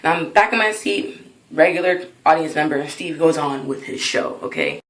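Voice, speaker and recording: A woman in her early twenties telling a personal story in an excitable, dramatic way for her vlog. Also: low voice, moderate pace, roomy sound, low-quality recording. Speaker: vlogger.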